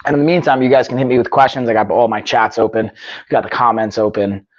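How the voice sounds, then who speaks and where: A man's voice: medium pitch, fairly even intonation, fast talker, no room sound, muffled recording. A man hosting a casual live stream, upbeat and chatty, often saying "y'all" and muttering to himself between bits. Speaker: livestream host. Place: home gym.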